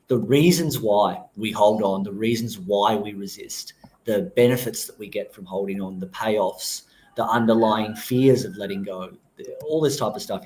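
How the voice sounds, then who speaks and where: A man explaining his approach calmly and thoughtfully as a guest on a podcast interview. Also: on the low side.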